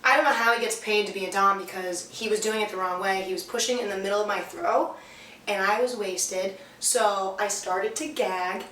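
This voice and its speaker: A woman's voice: mid-range voice, a bit bright, a little hiss or hum. A young woman casually telling a candid, profane story as a vlog co-host. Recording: echoey room, mic far off.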